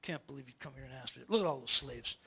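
A man's voice: medium pitch, quick pace, vocal fry, background noise, pitched below the performer's own voice, lightly acted. A man voicing a proud, easily riled pharaoh, who barks orders and then grumbles to himself. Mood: grumbling.

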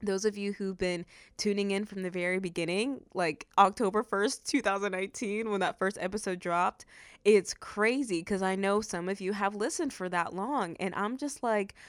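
A woman's voice: mid-range voice, moderate pace, smooth, no echo, clean studio sound. Earnest, effusive woman podcast host. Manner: earnest and effusive, many fillers. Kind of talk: faith-based podcast monologue.

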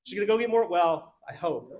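A man's voice: high voice, a little fast, highs cut off, a crowd in the background. Casual, chatty man preaching. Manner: casual, conversational preaching with fillers and laughs. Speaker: pastor. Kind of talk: sermon. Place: church.

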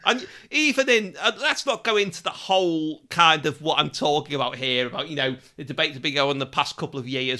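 A man co-hosting a casual chat about old comedy records, animated and laughing often. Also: a little high. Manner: animated, laughs often, quick asides and impressions. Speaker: podcast co-host.

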